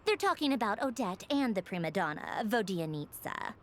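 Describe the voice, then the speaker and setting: An actress voicing a composed adult woman in a fantasy video game, speaking in a measured, gracious, informative way. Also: medium pitch, big pitch swings, very noisy, close to an everyday voice.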